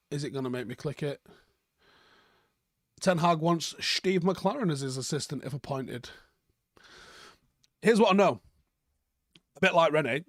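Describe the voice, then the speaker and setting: This is a young man, chatting casually on a live stream, his voice sitting a little high for a man. He rambles, fills gaps with ums, and swears without a second thought. The sound is close and dry, with no room echo. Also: fairly bright tone. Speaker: fan channel host reading live chat.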